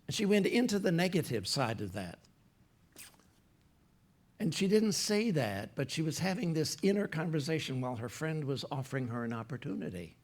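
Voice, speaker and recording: A man's voice: on the high side, big pitch swings, normal speed. A man, a pastor, telling a story during a sermon in a conversational way. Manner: conversational, retells a story with quoted dialogue. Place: church platform.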